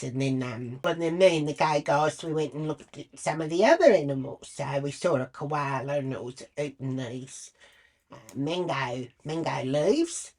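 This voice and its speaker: An Australian woman with a low voice tells a story straight to camera. She is blunt and crude, swearing freely in a casual vlog monologue. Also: a little mellow. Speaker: vlogger.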